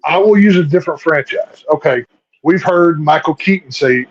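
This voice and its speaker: A man hosting a casual movie review chat, making measured points and comparisons. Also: fairly high pitch. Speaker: podcast host. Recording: dull lo-fi audio.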